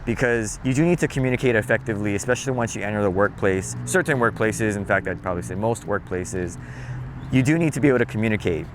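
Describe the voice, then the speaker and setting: A man from Hawaii with a Hawaiian accent, casually explaining local phrases in a relaxed, chatty vlog. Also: fast talker, background noise. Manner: relaxed, chatty, demonstrates phrases with playful low tones. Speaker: vlogger.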